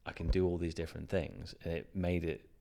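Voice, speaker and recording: A man with a notably deep, low-pitched voice talks as a guest in a relaxed conversation. He tells stories with animated energy, laughs readily and drops the odd curse word. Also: brisk, vocal fry. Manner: animated, laughing, swears casually. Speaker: guest filmmaker. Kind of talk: casual chat.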